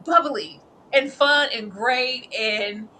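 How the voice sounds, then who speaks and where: A woman co-hosting a TV review in casual, animated chat, calling people "girl" and "baby.". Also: on the high side, slow pace, slight background noise, low-quality recording. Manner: animated, slips into playful character voices and laughs often; familiar, peppered with "girl" and "baby". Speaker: co-host reviewing a TV series.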